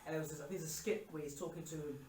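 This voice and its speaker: A man's voice: a little high, fairly even intonation, racing, a little mellow, a little hiss or hum. A man born in South Africa, a guest on a podcast, talking in a chatty, reflective way with lots of fillers. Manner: talkative, reflective, frequent fillers. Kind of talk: casual conversation. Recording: echoey room, distant mic, faint music.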